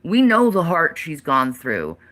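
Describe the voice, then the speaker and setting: Bright-voiced woman in her forties, ranting. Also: deep voice, huge pitch swings, unhurried. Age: 40s. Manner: heavy profanity, defiant and emphatic. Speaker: livestreamer. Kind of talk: ranting livestream monologue.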